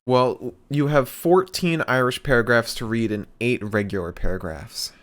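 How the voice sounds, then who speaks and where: A man's voice: mid-range voice, normal speed, a bit bright. A man co-hosting a podcast in casual chat, dry and teasing. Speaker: podcast co-host.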